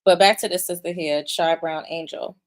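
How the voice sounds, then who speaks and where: A young woman delivers opinionated vlog commentary in a fairly low voice. She is blunt and emphatic, swears freely, and often restarts her sentences as she presses her point. Now and then she reads viewer comments aloud. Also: steady tone, moderate pace. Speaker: commentary vlogger.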